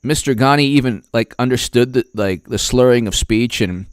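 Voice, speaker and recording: A man's voice: mid-range voice, normal speed, clear, resonant tone, no echo, studio quality. A man giving political commentary on a vlog in a rambling, sarcastic way, often restarting his sentences.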